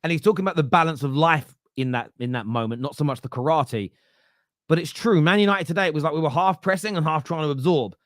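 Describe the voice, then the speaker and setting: Blunt man, slightly high voice. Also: quick pace, a bit bright, no room sound, studio quality. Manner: opinionated and blunt, frequent "uh" and restarts. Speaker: host of a fan football podcast. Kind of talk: casual live-stream commentary reading viewer comments.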